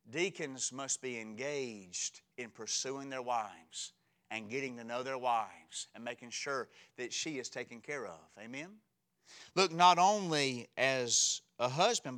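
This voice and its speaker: A man in his forties preaching a sermon as pastor, telling humorous stories in a lively, conversational way. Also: mid-range voice.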